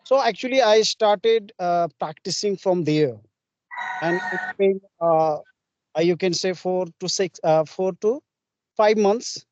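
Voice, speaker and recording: A man hosting an interview, speaking haltingly with many filler pauses and restarts. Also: sits high, darkish tone, dry recording. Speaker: host interviewer. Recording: dull, dry, lo-fi.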